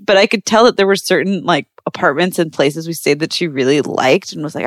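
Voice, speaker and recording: A woman's voice: lowish voice, brisk, hardly any pauses, dry recording, clean studio sound. Chatty young woman telling a story. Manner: chatty, many fillers, acts out quotes. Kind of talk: casual storytelling.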